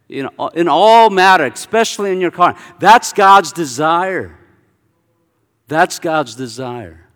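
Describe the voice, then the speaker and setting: A male pastor preaching a sermon, telling a personal story with animated swings between hushed and loud delivery. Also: mid-range voice, big-room sound.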